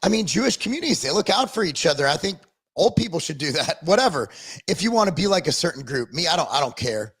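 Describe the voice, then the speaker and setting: A jokey male podcast co-host who laughs often, his voice husky and lively, swinging up and down in pitch. He sits a little high for a man. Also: fast talker. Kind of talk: casual podcast chat.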